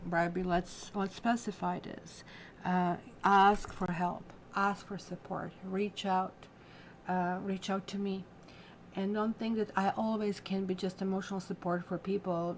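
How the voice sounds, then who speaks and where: A woman's voice: lowish voice, a little hiss or hum. Chatty woman giving a tarot reading. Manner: chatty and rambling, addresses viewers directly; reacts to viewer comments. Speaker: tarot reader. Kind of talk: casual livestream tarot reading.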